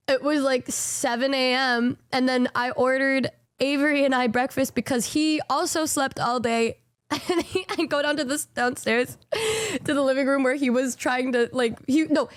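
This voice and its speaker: A woman's voice: high-pitched, dry recording, clean studio sound. A young woman streaming live, chatting casually and rambling, jet-lagged and sleepy, swearing freely.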